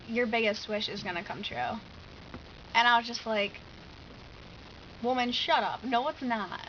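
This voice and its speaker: A woman's voice: fairly high pitch, lo-fi sound, a little hiss or hum. Chatty teenage girl vlogging. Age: teens. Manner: chatty, animated, lots of "like". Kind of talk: casual storytelling vlog.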